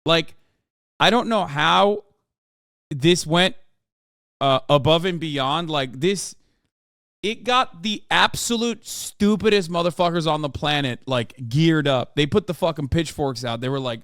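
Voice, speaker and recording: A man's voice: a little high, a little slow, a bit bright, dry recording, studio quality. A man hosting a live stream, reacting to a clip with casual, profane, mocking commentary.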